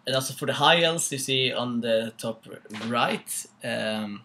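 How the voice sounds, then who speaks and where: Bright-voiced Swedish man, halting commentary. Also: medium pitch. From Sweden. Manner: halting, many fillers, laughs at own jokes. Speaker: co-host. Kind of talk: casual battle report commentary.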